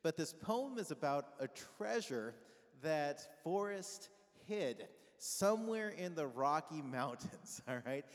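A man's voice: fairly high pitch, sing-song, slow pace. A pastor giving a conversational sermon, asking his congregation questions and having them call back answers. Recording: long reverb of a large hall.

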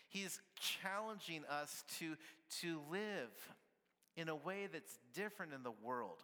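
A man's voice: fairly high pitch, expressive, measured pace, sharp tone, long reverb tail. A man preaching a sermon at church, conversational and playful, often asking the congregation "right?" with little laughs. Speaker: pastor.

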